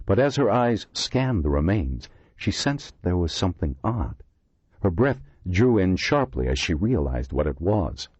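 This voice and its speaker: A man reading a horror thriller audiobook in expressive, measured narration. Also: low voice, no room sound. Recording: dull lo-fi dry recording.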